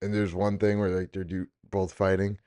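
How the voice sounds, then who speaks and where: A man's voice: low-pitched, level tone, moderate pace, dark tone, no echo, studio quality. A young man hosting a podcast in casual chat, laid-back and profane, laughing often. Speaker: podcast host.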